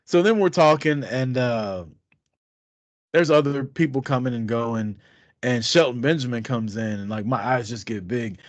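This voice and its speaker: A man's voice: mid-range voice, moderate pace, no echo. A man in his thirties, co-host of a podcast, telling a story casually with lots of laughter and swearing. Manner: profane, laughing, animated storytelling.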